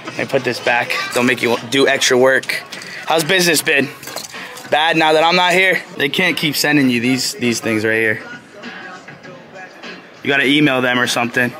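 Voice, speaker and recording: A young man in a casual, slangy vlog, chatting excitedly while browsing a store. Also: mid-range voice. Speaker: vlogger. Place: indoor retail store. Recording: store music behind the voice. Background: music playing in the store.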